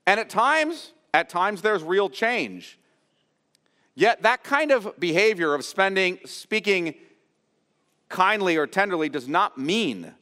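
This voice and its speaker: A man preaching an expository sermon as pastor, earnest and explanatory, often pausing to restate a phrase. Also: high-pitched, bright, forceful tone, in a large hall. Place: church sanctuary.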